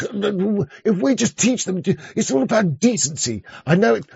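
A man's voice: high-pitched, very animated, moderate pace, gravelly, darkish tone, breathy edge, dry recording. A man ranting in rambling reaction commentary, crude and sarcastic, with frequent restarts, on a dull lo-fi mic. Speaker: streamer reacting to a clip.

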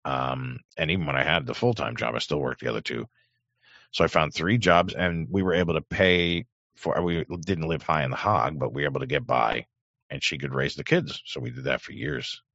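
Middle-aged guy on a livestream, rambling and mocking, gravelly voice, dry dull sound. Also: a bass voice, moderate pace, a bit bright, no echo. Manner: sardonic, mocking, rambling with many fillers. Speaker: livestream host reading chat. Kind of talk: casual livestream commentary.

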